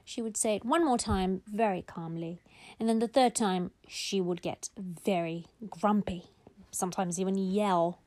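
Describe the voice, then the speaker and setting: A woman reading a children's bedtime story aloud, slow and gentle, putting on small voices for the characters. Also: medium pitch, dry recording.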